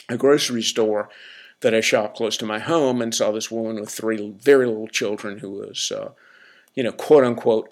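A male podcast host talking off the cuff at an ordinary middle pitch. He rambles through fillers and asides, then turns blunt and wry. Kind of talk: casual advice monologue.

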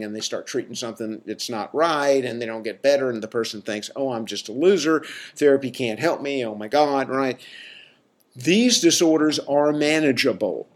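A man who works in mental health, giving a casual, emphatic talk to his listeners, full of "right?" asides and mocking quoted voices. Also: mid-range voice. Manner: conversational, many fillers and "right?" asides. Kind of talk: casual lecture to an audience.

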